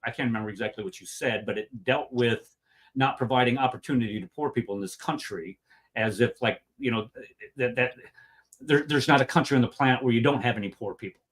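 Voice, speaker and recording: Male host, mid pitch, combative and animated. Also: brisk, slightly rough. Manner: argumentative, animated, acts out quotes. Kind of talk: casual debate chat.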